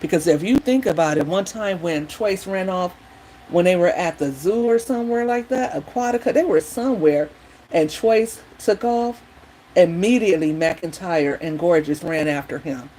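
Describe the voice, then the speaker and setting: A woman vlogger in a casual chat while doing her hair, retelling things in a rambling, opinionated, animated way. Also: on the low side, normal speed, a little hiss or hum, rough recording.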